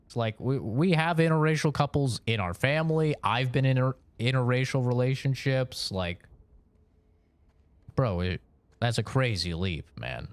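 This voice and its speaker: A man's voice: mid-range voice, expressive, moderate pace, no echo. A young man from Oregon, chatting casually with his stream chat in a rambling, profane way, laughing between points.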